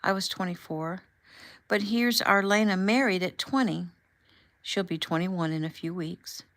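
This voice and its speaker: A woman's voice: on the low side, unhurried, a bit bright. A woman reading the part of a tearful young mother in a hospital bed, anxious and shaky.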